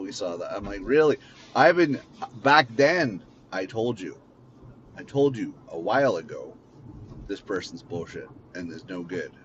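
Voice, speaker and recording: Blunt, rambling man with a lowish voice. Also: highs cut off, noisy background. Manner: blunt, rambling, swears freely. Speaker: podcast host. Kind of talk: casual unscripted monologue. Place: in a car.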